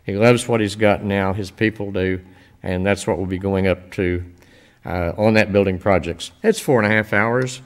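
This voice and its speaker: An older man speaking informally to a church congregation, telling stories in a folksy, rambling way with many pauses. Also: fairly low pitch, steady tone. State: emotional, voice dropping. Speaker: visiting church-building minister.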